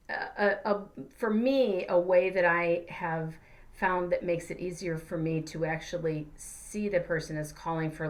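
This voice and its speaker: A woman, a life coach and therapist, giving a casual spiritual teaching talk in an earnest, conversational way. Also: on the low side. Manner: earnest, conversational, acts out examples in her own voice.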